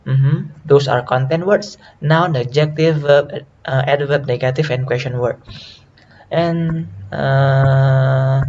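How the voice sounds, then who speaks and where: A man's voice: medium pitch, steady tone, takes it slowly, darkish tone, highs cut off, slight background noise. A man lecturing on phonetics, listing example words and often checking in with the class. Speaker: phonetics teacher.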